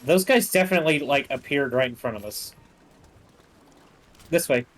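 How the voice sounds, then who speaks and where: A man's voice: medium pitch, lively intonation, normal speed, fairly bright tone, rough recording. A man joking dryly with his co-op partner while playing a game. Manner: wry, joking, reacts aloud to the game. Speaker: co-op gaming partner. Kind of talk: casual gaming chat.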